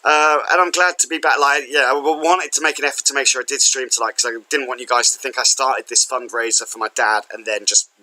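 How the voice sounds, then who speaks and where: Bright-voiced chatty streamer. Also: male voice, medium pitch, steady tone, fast, hardly any pauses, low-quality recording. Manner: chatty, rambling, self-deprecating. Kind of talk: casual livestream chat.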